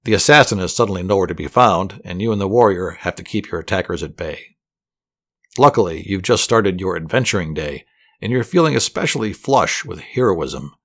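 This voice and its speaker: A man telling a guided fantasy story to relax to, in a soothing, steady voice with dry humor. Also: deep voice, brisk. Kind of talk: calm guided fantasy narration.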